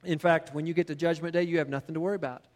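A man's voice: a little high, fairly even intonation, racing, big-room sound. A middle-aged male pastor telling a personal story in a sermon, then building into emphatic preaching.

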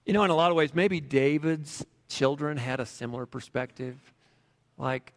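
A man preaching a sermon in a relaxed, conversational way, telling stories with frequent fillers. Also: on the high side, normal speed. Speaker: pastor. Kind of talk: sermon with storytelling. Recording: long hall reverb.

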